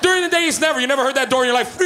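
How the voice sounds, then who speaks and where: A man in his thirties from Canada doing stand-up in a comedy club, loud and profane, acting out stories. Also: extremely high pitch, racing, crowd noise. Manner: loud, profane, storytelling with acted-out voices. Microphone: handheld stage mic.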